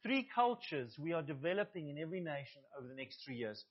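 A man's voice: on the high side, very animated, fast talker, lo-fi sound. A male pastor preaching a sermon to his congregation, earnest, with asides to the listeners.

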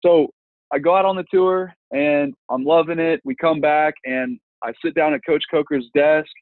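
A man, a football coach telling an animated story from his playing days in an interview, voicing the people in it as he goes. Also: a little high, moderate pace, dry recording. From Texas. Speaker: football coach, former college lineman. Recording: tinny phone-like line, dry.

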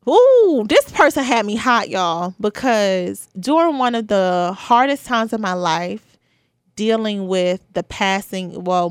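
A woman's voice: mid-range voice, smooth, no room sound. Chatty young woman, dry close sound. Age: 20s. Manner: chatty, candid, many "you know" and "like" fillers. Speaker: podcast host. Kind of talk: casual solo podcast talk.

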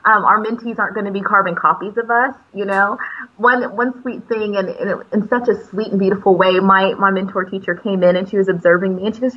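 A woman's voice: medium pitch, fairly quick, breathy edge, lo-fi sound. A middle-aged woman, a teacher mentor, chatting casually on a podcast and telling stories with many fillers and restarts.

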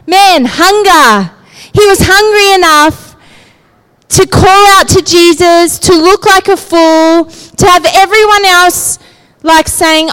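A woman's voice: extremely high pitch, slow pace, a bit bright, rough recording. A woman giving a sermon in a conversational way, often asking her listeners "right?" and "yeah?". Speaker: preacher.

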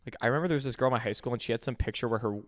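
A young man co-hosting a podcast chats casually, rambling with fillers and restarts. His mid-range voice comes out rapid-fire.

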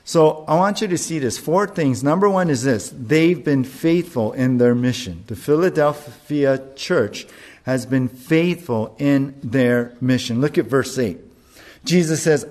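A male pastor preaching a sermon, earnest and deliberate, with emphatic rises on key words. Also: mid-range voice, animated, darkish tone.

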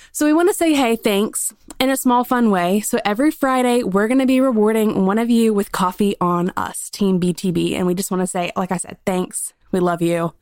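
A woman's voice: medium pitch, no echo. A woman with a Southern US accent hosting her podcast alone, chatting in a bubbly, filler-heavy way into a studio microphone. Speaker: podcast host. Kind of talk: solo casual podcast chat.

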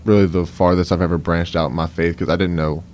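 A man's voice: low voice, level tone, quick pace, a little mellow, a little hiss or hum. A young man with a Cajun accent from South Louisiana, answering interview questions in an easygoing way with many fillers. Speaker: guest. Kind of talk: conversational interview.

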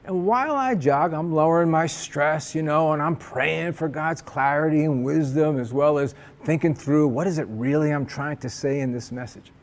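A man's voice: a little high, normal speed, few pauses. A man, an assistant pastor, preaching a sermon in a conversational storytelling way.

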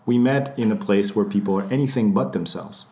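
This podcast co-host is a man in his thirties whose voice is on the low side and fairly quick. Chatting casually, he spins animated stories, performs the voices of the people in them, and doesn't hold back on swearing.

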